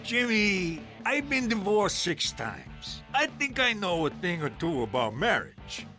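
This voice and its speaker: A man's voice: high voice, huge pitch swings, unhurried, pushed and bright, faint music behind, exaggerated voice. A man voicing a brash, crude cartoon uncle with a mobster's swagger.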